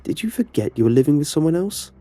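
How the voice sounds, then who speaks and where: A man's voice: fairly high pitch, big pitch swings, mellow, voice pushed up. A man voicing a groggy, suspicious mother. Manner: slow, sleepy questioning.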